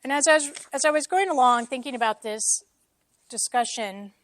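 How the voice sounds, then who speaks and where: A woman's voice: high voice, moderate pace. A woman giving a casual, self-deprecating teaching talk to a church congregation, with joking asides. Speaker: church speaker.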